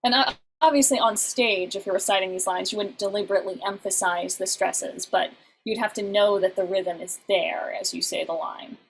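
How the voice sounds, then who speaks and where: A woman teaching an online class, explaining step by step with patient pauses and frequent "uh" fillers, on a video call. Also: mid-range voice, vocal fry, husky, low-quality recording.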